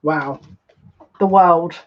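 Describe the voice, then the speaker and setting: A woman giving a live tarot card reading, musing aloud in a halting way and repeating words as she searches for meaning. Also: on the low side, lo-fi sound. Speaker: psychic tarot reader.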